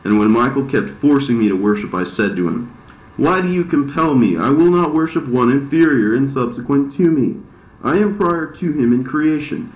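A man voicing the devil, an envious, deceitful fallen angel who talks in a smooth but aggrieved way. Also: medium pitch, expressive, normal speed, pitched above the performer's own voice, natural voice. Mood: bitter. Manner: smooth-talking, bitter, aggrieved. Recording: roomy, slightly dull recording.

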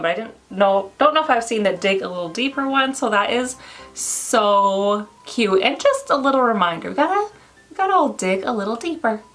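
A woman chatting to viewers while unboxing, gushing and excitable and squealing with delight. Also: a little high. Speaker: unboxing vlogger. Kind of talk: casual unboxing chat to viewers.

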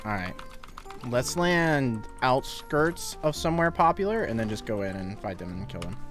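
A man's voice: mid-range voice, very animated, music in the background. Laughing young man streaming a game. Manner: laughs often, thanks viewers quickly between game talk. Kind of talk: casual gaming livestream chat.

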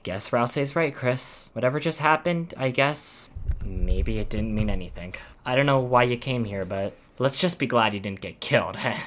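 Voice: medium pitch, lively intonation, normal speed, a bit bright, pitched below the performer's own voice, lightly acted. A brash, tough young monster girl from a video game, as a gamer reads her lines. She talks bluntly and swears. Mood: gruff.

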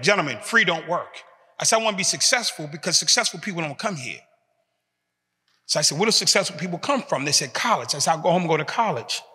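A man with a fairly high, sharp voice gives an emphatic motivational talk to prisoners in a large prison hall, built on repeated short phrases. The recording carries the long reverb of the big hall.

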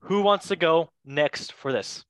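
A young man hosting a casual football podcast, playful and quick to laugh, with goofy asides. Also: a little high, a bit bright, dry recording. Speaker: podcast host.

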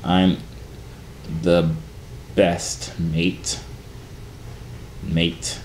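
A man's voice: lowish voice, fairly even intonation, normal speed, darkish tone, slight background noise, close to an everyday voice. A man doing a cocky mock-British street guy. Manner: exaggerated mock slang, drawn out. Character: boastful young British street guy, joking.

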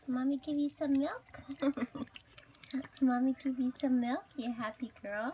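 A woman's voice: sits high, slow, pauses often, mellow, a little hiss or hum. A woman talking baby talk to her puppies, cooing and sing-song, laughing often between lines. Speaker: dog breeder talking to puppies. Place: indoors with puppies.

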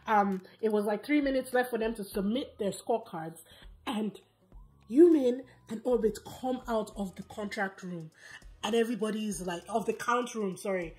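A woman giving a casual, animated recap of a competition show, telling the story quickly with fillers and quick asides. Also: on the high side. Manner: animated, fast storytelling with fillers and acted quotes. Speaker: recap vlogger.

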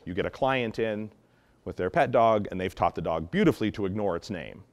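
A man explaining dog training methods in an animated teaching talk, acting out example tones of voice as he goes. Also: lowish voice, a little fast. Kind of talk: instructional talk.

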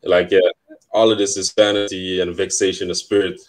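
Deep-voiced man reading scripture. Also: little pitch movement, fairly quick. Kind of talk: casual chat and reading scripture aloud.

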